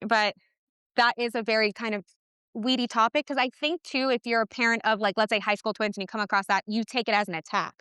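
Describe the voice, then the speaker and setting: A woman guest on a parenting podcast, talking in a passionate, animated way with quick asides. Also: on the high side, smooth, no echo, studio quality. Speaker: podcast guest, twin mom. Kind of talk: casual interview chat.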